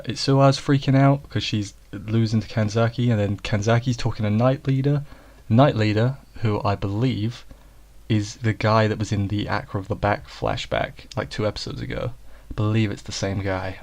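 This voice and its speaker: A lowish-voiced man talks through an episode recap in a loose, casual way. He wanders off on jokey asides and corrects himself mid-sentence, never quite scripted. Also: steady tone, moderate pace, gravelly, a little mellow. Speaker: anime reviewer.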